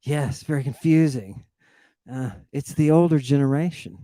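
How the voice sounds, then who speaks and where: A man's voice: fairly high pitch, normal speed, dark tone, no echo. A man who teaches classics, hosting a lecture on Greek word roots in an emphatic, sardonic way, full of rhetorical questions. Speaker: classics teacher and podcast host.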